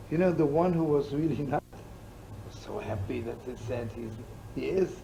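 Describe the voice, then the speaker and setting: A man's voice: mid-range voice, normal speed, vocal fry. A man, a rabbi, telling stories in a live sermon, rambling and playful with asides, laughter and Yiddish words. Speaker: rabbi and storyteller. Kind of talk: storytelling sermon to a live audience. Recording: old live recording with loud hiss.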